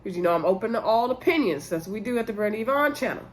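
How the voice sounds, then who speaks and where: A woman hosting a casual reality-show recap vlog, chatty and animated, laughing often and talking straight to her viewers. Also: mid-range voice, fast. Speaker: YouTube reality-show reviewer.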